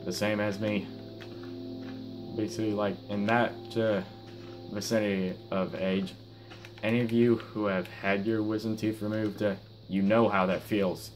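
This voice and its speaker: A man's voice: lowish voice, level tone, a little slow, slight background noise. A sixteen-year-old boy giving casual, hesitant gameplay commentary, stumbling over his words with many fillers and restarts while his mouth is sore after having his wisdom teeth out. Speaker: gaming YouTuber. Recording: guitar music playing under the voice. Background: guitar music.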